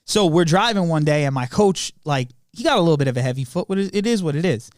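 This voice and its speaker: A young man tells a family story on a podcast, slangy and laughing as he acts out the lines. His voice sits fairly high, and the recording is dry and close. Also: lively intonation, quick pace, no room sound. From Long Island, New York. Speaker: podcast co-host. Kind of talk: casual storytelling chat.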